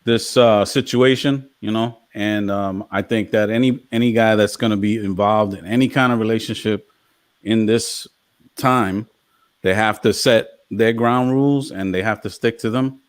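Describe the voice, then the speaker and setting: Man, calm, halting delivery, lots of fillers. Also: fairly low pitch. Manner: hesitant, many fillers. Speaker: departing panelist. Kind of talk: casual panel chat.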